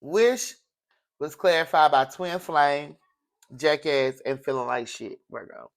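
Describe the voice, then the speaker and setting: A man's voice: on the high side, slow pace, vocal fry. Preachy, emotional man reading tarot. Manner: emotional, preachy, repeats phrases. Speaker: tarot reader.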